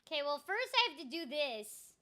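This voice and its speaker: A woman with a high, bright voice that bounces all over the place chats her way through a gameplay stream. She talks in an animated, scattered way, full of ums and self-mocking little asides. Her tone is lively and chatty. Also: moderate pace. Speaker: voice actor streaming a video game. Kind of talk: casual gameplay chat.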